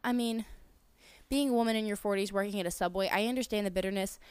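A young woman telling a story on a podcast, acting out the people in it. Her voice is smooth and clear. She is close to the mic in a dry room. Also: mid-range voice, fast talker, no echo. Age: young adult. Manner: animated storytelling, acting out quotes. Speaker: podcast co-host. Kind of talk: casual chat.

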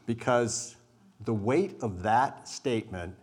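A man leading a group through a spoken exercise, talking deliberately and emphatically, with weighted pauses. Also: mid-range voice, breathy edge. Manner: says he is an introvert. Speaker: group workshop leader.

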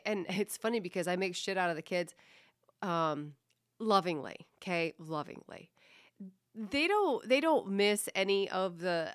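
This podcast host speaks in a low, smooth voice that's been described as a radio voice, recorded at studio quality with no room sound. Alone on the mic, she's casual and blunt, full of swearing and jokes at her own expense, and she mentions coaching kids in fitness on the side.

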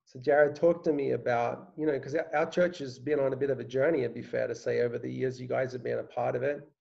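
A man, a pastor, interviewing a church member in a gentle, searching way with many conversational fillers. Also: medium pitch, fairly even intonation, quick pace, creaky, muffled recording.

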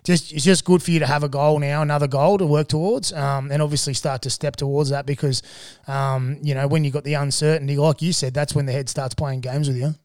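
A man's voice: on the high side, level tone, fairly quick, hardly any pauses, darkish tone, dry recording. Chatty Australian man hosting, dry sound. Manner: encouraging, chatty, calls guest mate and bro. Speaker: podcast host. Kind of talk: casual podcast interview.

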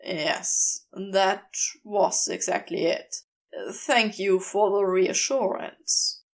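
A rough-voiced male demon, dry and sardonic under his fluster, as a woman reads him aloud. The lines come slowly, with a gravelly edge. It is a storybook reading. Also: medium pitch, voice pushed down. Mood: wry.

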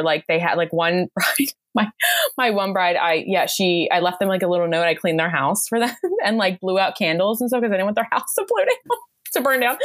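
American lady gushing about her work, kinda low voice, super dry sound. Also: no echo. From United States. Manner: effusive, gushing, repeats "quite literally". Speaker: guest, bridal makeup artist. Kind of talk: casual interview chat.

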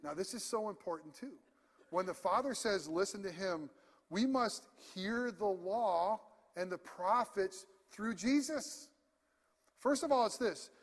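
A man's voice: sits high, lively intonation, a little slow. A man preaching a sermon as pastor, passionate and emphatic yet conversational. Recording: long hall reverb.

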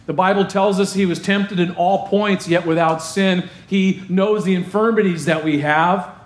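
Male pastor, sermon delivery, emphatic with repetition; slightly high pitch. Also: fairly even intonation, moderate pace, roomy sound. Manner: emphatic, repeats phrases for effect.

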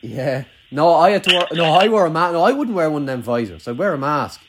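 A man's voice: fairly high pitch, very animated, brisk, slight background noise. A young man with a rural Irish accent, chatting casually, swearing freely and rambling with lots of "like". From Ireland. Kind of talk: casual chat.

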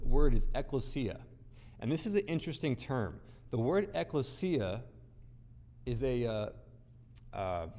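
A man with a medium-pitched, darkish voice preaches a sermon to a gathered audience, speaking emphatically and building his points through rhetorical questions and repeated phrases. The recording carries the long reverb of a large hall.

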